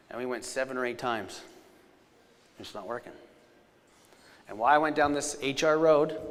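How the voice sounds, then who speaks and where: A man giving a live storytelling safety presentation, energetic, with loud punchlines and quiet, serious asides. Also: mid-range voice. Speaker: safety speaker. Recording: long hall reverb.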